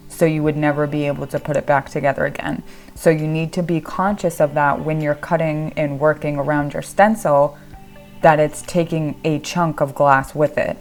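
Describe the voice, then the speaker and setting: A woman demonstrating a stained glass tool in a casual tutorial vlog, explaining as she works and often gushing with excitement. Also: low-pitched. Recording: echoey room with faint music.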